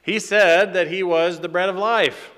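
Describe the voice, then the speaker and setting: A man giving a sermon in a relaxed, conversational way, with fillers and small laughs between points. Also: sits high, measured pace, long reverb tail. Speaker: pastor.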